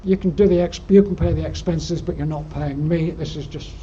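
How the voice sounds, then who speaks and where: An older man with a Yorkshire accent, guest speaker at an alpine club, shares anecdotes over slides in a lecture room, rambling, dryly humorous, and leaning often on ums. His voice is fairly high for a man but mellow and dark. The recording is dull, lo-fi, and faintly noisy.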